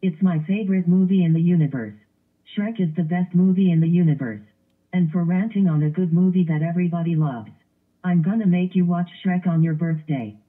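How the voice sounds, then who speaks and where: A man's voice: high-pitched, brisk. A male computer voice playing a strict guardian who scolds and repeats himself, over tinny lo-fi sound. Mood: scolding. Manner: scolding, repetitive.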